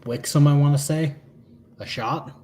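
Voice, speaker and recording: A man's voice: a little high, a little slow, warm tone, slight background noise. A man from Michigan whose accent slips toward Southern, chatting casually on a live stream after a few drinks and often trailing off. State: has been drinking. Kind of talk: casual chat.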